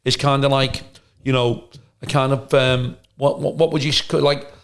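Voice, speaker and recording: A man with a gravelly voice, talking bluntly and with plenty of swearing as he co-hosts a casual podcast chat and tells animated stories. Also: medium pitch, moderate pace. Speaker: podcast co-host.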